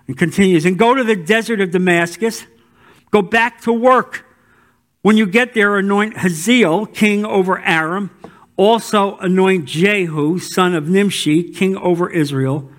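A man, a pastor, preaching a sermon that swings between loud emphatic calls and quiet low asides. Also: unhurried.

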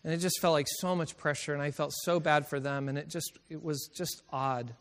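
A man preaching in a college chapel, with his voice sitting a little high for a man. The long chapel reverb trails behind every phrase. He is middle-aged and tells his stories with feeling and frequent laughter. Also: fairly even intonation, a little fast. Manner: storytelling, emotional, laughs often. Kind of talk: sermon.

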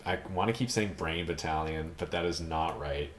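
A man's voice: very deep voice, normal speed, a little hiss or hum. A man from Ontario hosting a casual podcast chat, rambling and hunting for words with lots of fillers. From Ontario, Canada. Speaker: podcast host. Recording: echoey room.

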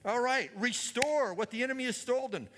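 High, bright-voiced preacher in a reverberant church. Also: male voice, moderate pace, background noise. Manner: energetic, calls to the congregation. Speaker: guest preacher. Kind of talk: sermon. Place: church hall.

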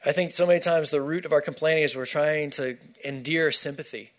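A man's voice: on the high side, steady tone, brisk, a bit bright. A man preaching a sermon, emphatic and repeating key phrases for stress.

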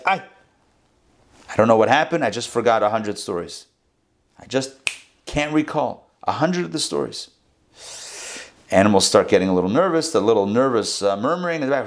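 A man telling a parable to a class in an animated storytelling sermon, acting out the animals' voices. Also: on the high side. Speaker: rabbi teaching a class.

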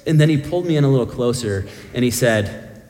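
A man's voice: mid-range voice, animated, fairly quick, darkish tone, big-room sound, slight background noise. A middle-aged man preaching a sermon as pastor, telling self-deprecating stories with humor.

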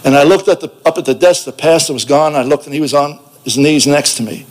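A man's voice: on the high side, fast talker. A man giving a personal testimony, telling his story in a blunt, plainspoken way with a streetwise edge.

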